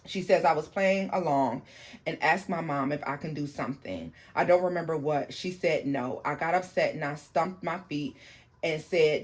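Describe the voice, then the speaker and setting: A tarot channel host reading a viewer's paranormal story aloud, haltingly, with restarts and asides to the viewers. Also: medium pitch.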